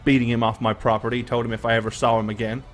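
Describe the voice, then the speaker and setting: A man's voice: medium pitch, little pitch movement, racing, over music, natural voice. A man doing a hearty, eager farmer. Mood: gruff pride. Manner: eager, repeats his words. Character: friendly older male farmer, hearty and grateful.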